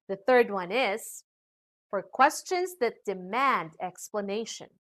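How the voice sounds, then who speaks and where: A woman with a Filipino accent teaching a lesson in a slow, sing-song voice with exaggerated intonation. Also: mid-range voice, expressive, fairly bright tone. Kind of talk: scripted lesson narration.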